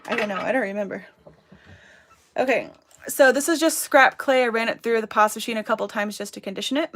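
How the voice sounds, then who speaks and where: Brief: a woman hosting a relaxed craft livestream, bubbly and chatty, a touch high-pitched. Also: quick pace. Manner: chatty, giggly, talks to viewers and her dog. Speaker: crafting channel host. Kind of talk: casual livestream tutorial.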